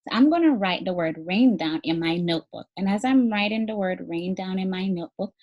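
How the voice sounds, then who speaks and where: A woman's voice: on the low side, a little mellow, lo-fi sound. A woman teacher giving an instructional video lesson for parents. She speaks encouragingly to them and models each activity step by step, spelling words out letter by letter. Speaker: early literacy teacher.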